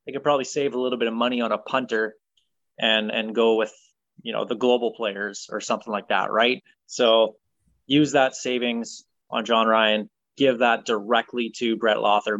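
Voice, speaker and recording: A man hosting a casual sports podcast, leading segments in a brisk, opinionated way. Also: fairly low pitch, level tone, fairly bright tone, no echo. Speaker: podcast host. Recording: dull, dry sound.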